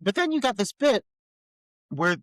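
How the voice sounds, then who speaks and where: Lively, profane male podcast co-host. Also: high voice, unhurried, no room sound. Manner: animated, profane, sarcastic ranting. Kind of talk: casual podcast chat.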